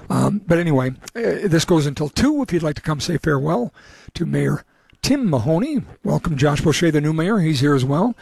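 A man's voice: fairly high pitch, creaky, a little mellow, slightly rough, dry recording. A man hosting a radio talk show on location at an indoor event, chatting casually and rambling a little. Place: indoor event at a city hall.

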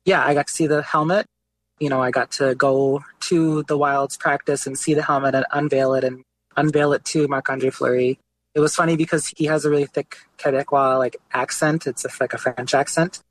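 A man's voice: on the high side, moderate pace, poor audio. Casual chatty male artist guest. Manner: relaxed, lots of "like" and "you know" fillers. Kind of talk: casual conversational storytelling.

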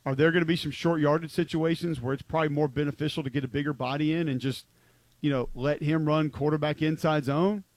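A man's voice: on the high side, steady tone, quick pace, no room sound. Emphatic man talking football, dry sound. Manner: rambling, frequent "like" fillers, emphatic. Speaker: co-host of a football talk show. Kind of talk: casual sports chat.

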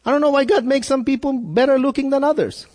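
A man's voice: very high-pitched, quick pace, a little mellow. A man preaching a sermon as pastor, earnest and full of rhetorical questions, often repeating words as he builds a point. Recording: long reverb in a hall.

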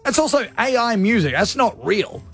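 High-voiced radio host, cheeky. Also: male voice, big pitch swings, normal speed, fairly bright tone, slightly rough, soft background music. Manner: loose, laughing, cheeky banter. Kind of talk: casual talk radio.

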